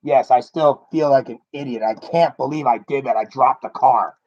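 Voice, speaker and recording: A man's voice: medium pitch, moderate pace, darkish tone, lo-fi sound. A man chatting casually while unboxing a collectible toy car, self-mocking and laughing at himself.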